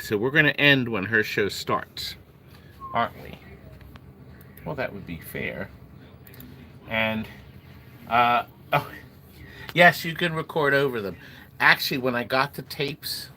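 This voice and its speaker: A middle-aged man hosts a casual livestream in a mid-pitched voice. He rambles from topic to topic and calls out to viewers by name. Steady room noise sits behind him. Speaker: livestream host selling arcade games. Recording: noisy room ambience.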